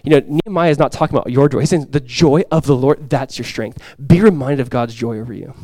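Before a congregation in a church sanctuary, a male pastor preaches an impassioned sermon, swelling loud for quoted cries and then dropping soft. His mid-range voice moves quickly, with no echo.

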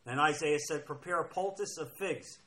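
A man's voice: on the high side, moderate pace, bright, forceful tone, rough recording. A man preaching a sermon, emphatic and repeating key phrases as he reads scripture aloud. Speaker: pastor.

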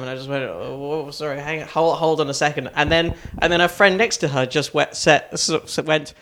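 Male comic, slightly higher voice, loose anecdotal delivery for a chatty podcast. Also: fairly even intonation, brisk, hardly any pauses, background noise. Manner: rambling anecdotal storytelling with frequent laughs. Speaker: stand-up comedian. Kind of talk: casual podcast chat.

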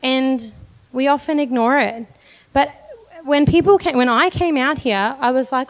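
A young woman with a fairly high voice preaches to a congregation, earnest and heartfelt as she shares her own story. Her words ring out with a long reverb in the church hall. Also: moderate pace. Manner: earnest, personal testimony with light laughs. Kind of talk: sermon.

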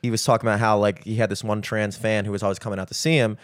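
A young man on a podcast who talks quickly and rambles, filling his sentences with like. His voice is recorded dry and close to the mic. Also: on the low side, flat delivery, dry recording. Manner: rapid and rambling, says like a lot. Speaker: podcast co-host. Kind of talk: casual chat.

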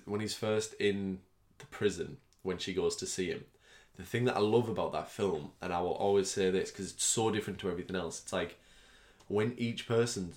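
A man co-hosting a podcast, chatting casually and rambling with many fillers. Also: sits low. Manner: rambling, laughs often, slips into silly voices. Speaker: podcast co-host. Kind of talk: casual chat. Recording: roomy echo.

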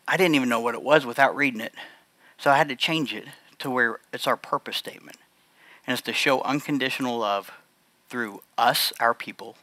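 A man giving a heartfelt personal testimony to a congregation, speaking earnestly and haltingly, often restarting his sentences. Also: medium pitch, pushed and bright, dry recording. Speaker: church speaker sharing a testimony.

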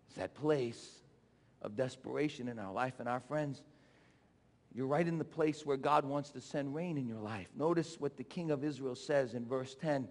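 A male pastor preaching a sermon with impassioned swings from shouting to low, urging the congregation to respond. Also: moderate pace. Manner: call-and-response exhortations. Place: church sanctuary. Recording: long church reverb.

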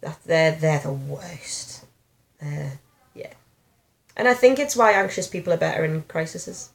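A woman, candidly telling personal stories in an animated, self-deprecating way. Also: deep voice, a little slow, creaky. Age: 30s. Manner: frank, animated storytelling with self-deprecating humor.

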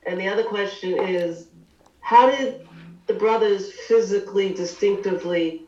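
A man's voice: high-pitched, moderate pace, darkish tone. A man in a class asking the teacher questions, tentative and searching for words. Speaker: class participant. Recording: distant, echoey, muffled room sound.

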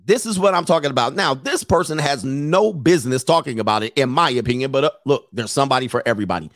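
A man's voice: mid-range voice, lively intonation, quick pace, fairly bright tone, dry recording, studio quality. A man giving blunt, opinionated commentary, lecturing his listeners and repeating phrases for emphasis. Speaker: commentator host.

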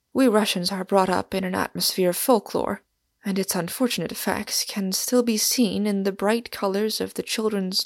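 A woman reading a story aloud as an audiobook narrator, in a measured, steady manner. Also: mid-range voice, creaky, dry recording, clean studio sound. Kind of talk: scripted narration.

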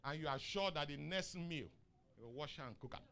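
A Nigerian man preaching a sermon, asking the congregation questions and rising into shouts on key lines. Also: fairly high pitch, lively intonation, brisk, background noise. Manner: asks the crowd questions and waits for answers. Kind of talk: sermon with call and response.

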